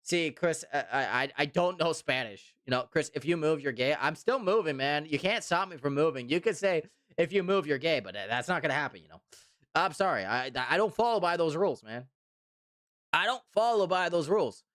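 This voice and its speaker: A man's voice: fairly high pitch, animated, brisk, a bit bright, no room sound, studio quality. A man streaming live, chatting casually and reading viewer comments, rambling and repeating himself with mock indignation. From Canada.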